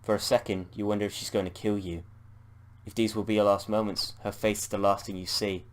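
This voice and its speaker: A man's voice: lowish voice, flat delivery, a little fast. A man with a British accent reading a text adventure game aloud as he plays, playful and swearing at his slip-ups. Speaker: gamer.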